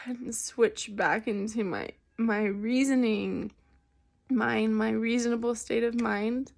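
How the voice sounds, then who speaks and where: A woman's voice: a little high, slow, creaky. A woman crying and laughing through tears as she vents in a rambling confessional vlog, recorded in her bus. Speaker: vlogger.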